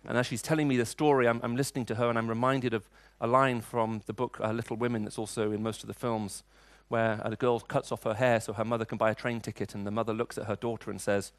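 A man's voice: medium pitch, level tone, fast talker, few pauses, no room sound. Middle-aged male preacher, chatty storytelling delivery, dry recording. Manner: storytelling, conversational, frequent restarts. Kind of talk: sermon with personal stories.

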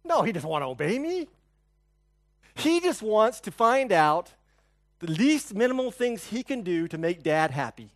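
A male pastor giving a conversational sermon, telling stories, asking the congregation questions, and swinging between soft and loud. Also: high voice, very animated, unhurried. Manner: storytelling, asks the congregation questions.

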